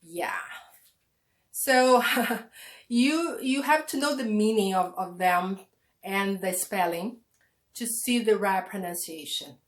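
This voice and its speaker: Woman, teacher, very slow, patient, repeats words, pronunciation lesson. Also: medium pitch. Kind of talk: online English lesson.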